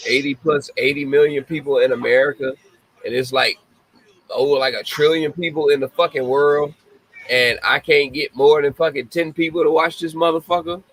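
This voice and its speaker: A man's voice: a little high, steady tone, normal speed, a bit bright, husky, rough recording. A man hosting a podcast, ranting bluntly in casual talk, swearing heavily and often breaking into laughter. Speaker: podcast host. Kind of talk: casual profane commentary.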